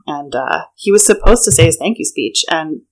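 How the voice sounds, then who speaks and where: A woman who works as a wedding planner chats casually on a podcast in a somewhat low voice. She tells stories loosely, with plenty of filler words. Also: expressive, normal speed. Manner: chatty storyteller, many fillers like "like".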